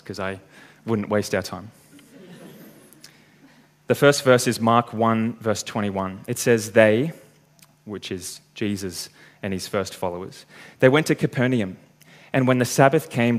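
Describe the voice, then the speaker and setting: A man preaching a sermon, working through a passage step by step and reading the scripture aloud. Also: lowish voice.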